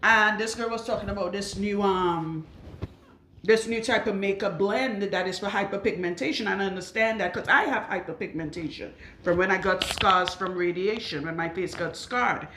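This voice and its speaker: A woman's voice: mid-range voice, normal speed, fairly bright tone, a little hiss or hum. A woman loctician talking bluntly and emphatically to camera while working on a client in her salon. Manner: blunt and outspoken; emphatic, with rhetorical questions. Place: her salon room with a radiator. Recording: roomy echo.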